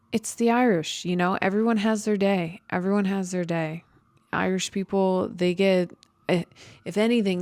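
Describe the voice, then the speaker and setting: On her podcast, a young woman from Chicago rambles in a self-mocking, stream-of-consciousness way, full of fillers. Her voice is lowish with a darkish tone, and the recording is dry.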